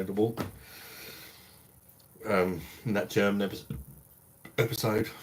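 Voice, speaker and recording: A deep-voiced British man, middle-aged, hosting a casual beer livestream from home. He talks bluntly, peppers his chat with swearing and slang, and answers viewer comments as they come in. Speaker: beer review livestream host.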